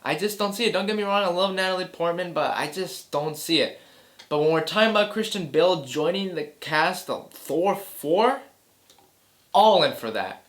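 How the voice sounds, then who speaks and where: A man's voice: sits high, animated, moderate pace. A man hosting a casual movie reaction chat, speaking enthusiastically and often restarting or repeating words. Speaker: host of a movie news chat show.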